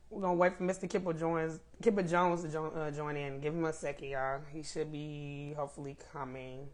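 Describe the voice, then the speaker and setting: A woman hosting a casual live stream, greeting viewers by name and laughing often while she waits for her guest, speaking. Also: on the low side.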